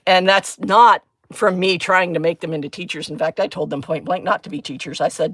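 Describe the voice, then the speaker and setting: A woman's voice: on the low side, moderate pace, hardly any pauses, a bit bright. A middle-aged woman chatting casually on a crafting livestream, rambling and self-deprecating, laughing often at herself. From United States. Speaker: crafting livestreamer, former chemistry teacher.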